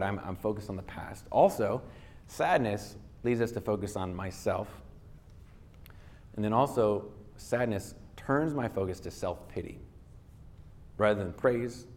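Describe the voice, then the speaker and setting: A man's voice: lowish voice, a little mellow. A male pastor giving a sermon, retelling a scripture story in casual everyday words and reading verses aloud.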